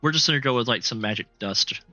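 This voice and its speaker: A man's voice: medium pitch, fast talker, bright, forceful tone, lo-fi sound, faint music behind. A man acting as game master on a live-streamed tabletop game, talking casually with lots of fillers and easy laughs. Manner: rambling, heavy with fillers, laughs often.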